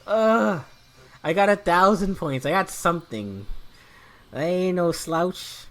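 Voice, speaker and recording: A woman's voice: lowish voice, lively intonation, slow, a bit bright. A woman hosting a gaming video, giving joking, profane let's-play commentary and laughing often.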